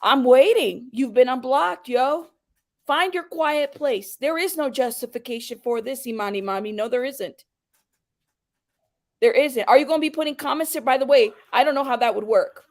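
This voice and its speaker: A woman's voice: high voice, moderate pace. A woman hosting a livestream, heatedly confronting a viewer in her chat and pressing him to come on and explain himself. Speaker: livestream host.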